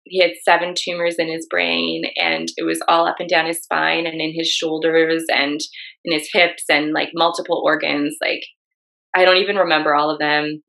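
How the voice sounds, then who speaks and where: A woman's voice: low voice, normal speed, creaky, a bit bright, poor audio. A young woman co-hosting a candid talk about grief. She tells her own story in a rush, full of "like" fillers. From Canada. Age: young adult. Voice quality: frequent "like" fillers, emotional storytelling. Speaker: co-host.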